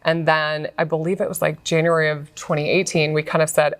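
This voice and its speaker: A woman in her thirties hosts a podcast, with a voice that sits unusually low. She talks in a chatty, explanatory way during a casual conversation with her guest. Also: steady tone, a little fast, hardly any pauses. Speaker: podcast host, physician.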